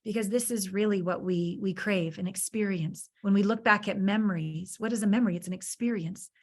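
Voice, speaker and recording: A woman's voice: mid-range voice, brisk, a little mellow. A woman guest on a podcast interview, talking earnestly and from the heart and building her stories with emphatic repetition. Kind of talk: conversational interview storytelling.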